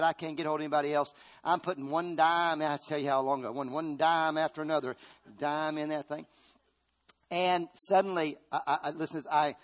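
A middle-aged man pastor preaching a sermon, calling out to his congregation and rising to loud, emphatic bursts. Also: high voice.

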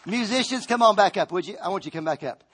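A man preaching in a church, climbing to shouted peaks and then dropping low and hushed. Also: animated, fast talker, slight background noise. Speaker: pastor. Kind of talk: sermon. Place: church sanctuary. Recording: music behind the voice.

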